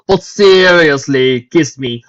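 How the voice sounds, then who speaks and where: A woman voicing an arrogant, pompous male unicorn prince who talks slowly and boastfully. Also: low-pitched, noisy background. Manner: slow, grandly boastful. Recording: dull lo-fi recording.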